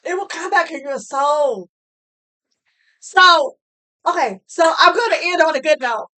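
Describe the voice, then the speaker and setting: A woman speaks to the camera in a high, somewhat slow voice with a bright, forceful tone. She is a motivational speaker delivering a heartfelt talk, earnest and preachy, repeating phrases for emphasis.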